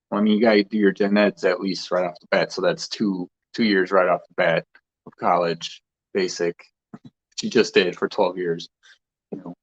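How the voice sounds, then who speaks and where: A man's voice: on the low side, lo-fi sound. A man hosting a casual spiritual talk, rambling loosely with restarts and short laughs. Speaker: spiritual vlogger host.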